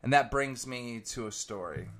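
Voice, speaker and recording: A man commentator telling a rambling, profane comic story with animated energy. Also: medium pitch, moderate pace.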